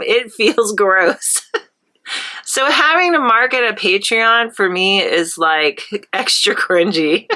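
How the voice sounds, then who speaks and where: An artist who hosts her own channel chats casually while she paints, rambling and laughing often. Her medium-pitched voice sounds pushed, bright, and nasal, as though a cold is coming on.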